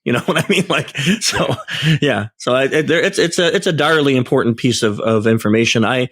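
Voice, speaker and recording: A man's voice: medium pitch, a little fast, no echo. Guy on a podcast telling a story, acts out the quotes, dry close sound. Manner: animated, acts out quoted dialogue. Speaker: podcast host and security tester. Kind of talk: casual storytelling chat.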